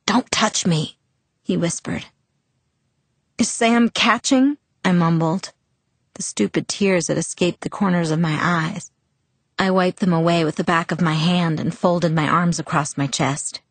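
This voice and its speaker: A woman reading a novel aloud in the first person, measured and expressive. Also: fairly low pitch, no room sound. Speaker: audiobook narrator.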